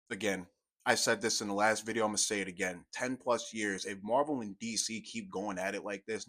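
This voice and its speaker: A young man giving a profane, exasperated commentary rant, swinging from low mutters to loud outbursts. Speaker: commentary YouTuber. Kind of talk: ranting commentary.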